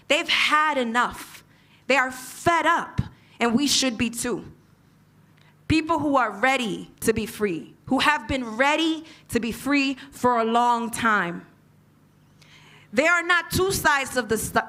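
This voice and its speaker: A woman from the United States speaks to a conference hall in a high, bright voice. She delivers a fiery political speech at an unhurried, deliberate pace and leads the crowd in chanted call and response. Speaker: invited panel speaker and organizer.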